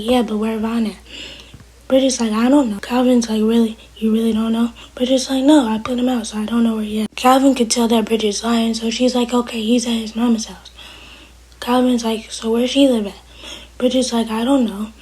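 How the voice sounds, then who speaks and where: A woman casually recapping a TV episode, retelling scenes through quoted dialogue in a breathy, half-whispered voice. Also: fairly high pitch, warm tone, rough recording. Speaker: TV show reviewer.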